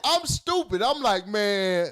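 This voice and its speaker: Animated high-pitched man telling a story. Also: measured pace. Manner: animated, mimics voices, laughs loudly while telling stories. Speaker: podcast co-host. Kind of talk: casual storytelling chat.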